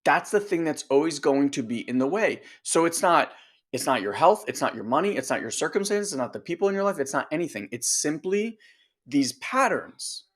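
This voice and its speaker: A male coach with a slightly high voice, talking straight to his audience. He is emphatic and direct and keeps throwing rhetorical questions at the listeners. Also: sing-song, fairly quick. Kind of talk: motivational coaching talk.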